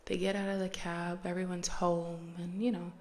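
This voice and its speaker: A woman's voice: lowish voice, level tone, normal speed, darkish tone. A woman hosting a podcast who retells a story in a chatty, slangy, casual way and laughs often. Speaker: podcast host.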